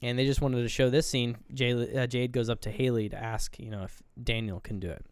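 A man's voice: medium pitch, little pitch movement, a little fast, clean tone, dry recording. A man co-hosting a film review podcast, casually retelling scenes and acting out characters' lines. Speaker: podcast co-host. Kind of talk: casual movie recap chat.

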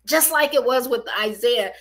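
Energetic high-voiced woman faith coach. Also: normal speed. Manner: energetic, preachy, casual slang. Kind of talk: motivational faith talk.

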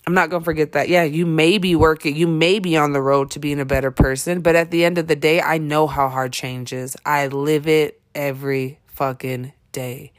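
A woman's voice: low-pitched, fairly even intonation, normal speed, few pauses. A woman speaking on her podcast in a candid personal monologue. She is blunt and emphatic, swears often, and halts with many fillers and restarts. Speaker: podcast host.

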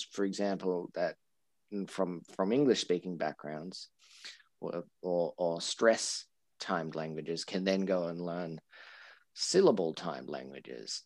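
Low-voiced man explaining with many restarts. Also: no echo. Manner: explanatory, repeats and restarts words often. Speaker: English teacher. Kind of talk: casual educational podcast chat.

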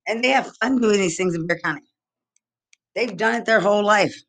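Speaking briskly in a mid-range, somewhat bright voice, a Texan woman delivers a rambling tirade. She's worked up and profane, hurling the same accusations repeatedly.

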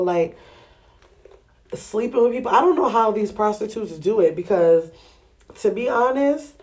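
A woman from Ghana hosts a candid solo podcast, talking frankly and chattily to listeners in a sassy, laughing way. Her mid-range voice has a dark tone.

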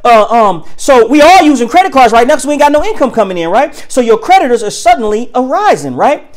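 A preacher talking to listeners in a casual, colloquial way, firing off rhetorical questions and slowing down to read scripture with emphasis. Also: high-pitched, very animated. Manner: reads scripture slowly and emphatically; casual colloquial speech with many fillers. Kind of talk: preaching to an audience.

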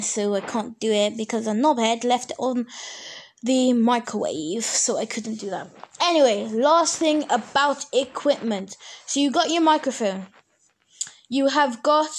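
A casual solo podcast host, a woman with a fairly high voice. She rambles in loose, chatty sentences and keeps stopping to restart or fix what she has just said. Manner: rambling, self-correcting, chatty.

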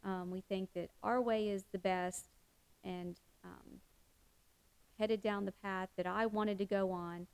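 A woman's voice: mid-range voice, fairly even intonation, slow pace, clean tone, dry recording, rough recording. A middle-aged woman giving a heartfelt devotional talk, earnest, with many fillers and restarts. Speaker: Christian speaker.

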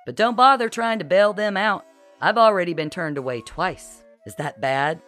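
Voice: mid-range voice, moderate pace, fairly bright tone, soft background music, pitched above the performer's own voice, lightly acted. A narrator doing a bumbling American jester. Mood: sheepish. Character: bumbling, good-natured American jester man. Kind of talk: audiobook character voice.

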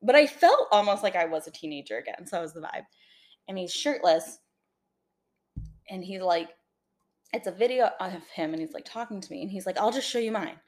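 A woman's voice: fairly low pitch, animated, a little fast, pauses often. A young woman co-hosting a podcast, telling a long story in casual chat, acting out quotes and peppering her talk with fillers. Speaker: podcast co-host.

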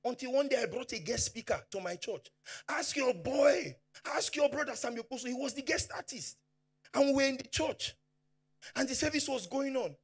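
A man with a Nigerian accent preaching a sermon as pastor, fervent, swinging from hushed to shouting, and dropping Pidgin asides. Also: very high-pitched, normal speed, slightly rough.

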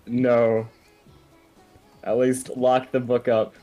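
A woman chatting calmly and matter-of-factly while playing a game on a podcast. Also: rumbling low, very slow, soft background music. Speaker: gamer on a podcast. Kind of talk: casual chat while playing.

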